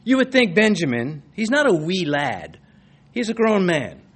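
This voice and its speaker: A man delivering a sermon in a voice pitched a little above the usual. He talks conversationally, reads the scripture aloud and slips into quoted voices with the odd chuckle. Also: huge pitch swings, unhurried, slightly rough. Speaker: preacher. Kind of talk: expository sermon.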